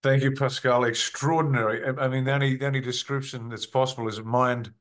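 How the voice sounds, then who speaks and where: A male host speaks over a video call link. He talks haltingly, repeating words as he goes, and keeps affirming what his guest says. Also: medium pitch, steady tone, fairly bright tone. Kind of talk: online video call interview.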